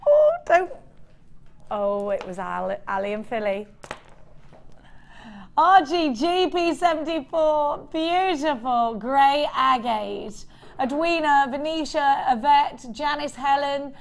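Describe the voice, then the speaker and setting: Selling jewelry live on a TV shopping channel, a woman keeps up bubbly, upbeat chatter. Her high voice is animated but slow, and she pauses often.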